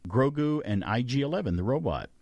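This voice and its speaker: A man's voice: mid-range voice, expressive, brisk, a little mellow, no room sound. A man hosting a casual radio talk show, chatting enthusiastically and laughing often.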